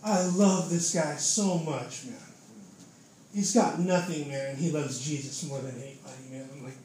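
Fairly high-pitched and a little mellow, a young man speaks at normal speed while delivering an informal, fervent preaching testimony. "Man" and "dude" come up constantly, and the very echoey room has faint background noise.

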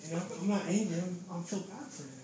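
A man's voice: sits high, expressive, fast talker. A young man giving a casual preaching testimony, fervent and informal, constantly dropping "man" and "dude" into his talk. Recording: very echoey room with faint noise.

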